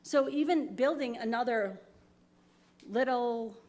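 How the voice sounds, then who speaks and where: A woman's voice: a little high, slow pace, darkish tone. A woman resident from New York, making an emotional public comment at a town board meeting, apologetic but insistent, at a podium microphone.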